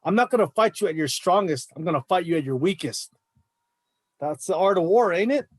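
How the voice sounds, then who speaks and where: A man's voice: high voice, expressive, a little fast, dry recording. A middle-aged man, a martial arts coach, talking in a fired-up, emphatic way on a podcast. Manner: fired-up, emphatic, says bro a lot. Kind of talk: casual podcast chat.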